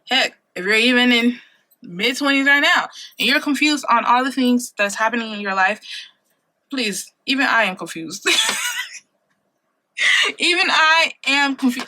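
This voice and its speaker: A woman's voice: a little high, bright, forceful tone. A woman in her late twenties talking casually to camera in a vlog, chatty and dramatic, laughing often. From Ohio, USA. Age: 20s. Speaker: vlogger. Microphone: compact camera mic.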